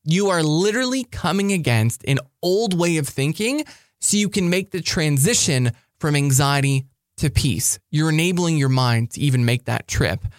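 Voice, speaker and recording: A man preaching a motivational talk to high school students, energetic and emphatic, repeating his key phrases. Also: moderate pace, no echo, clean studio sound. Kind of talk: sermon-style motivational talk.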